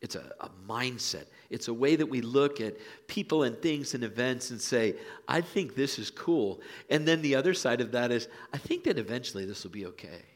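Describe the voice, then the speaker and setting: A pastor preaching a sermon in a church, telling folksy stories and dropping to hushed lines for emphasis. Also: male voice, medium pitch, expressive, normal speed, hardly any pauses. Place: church sanctuary.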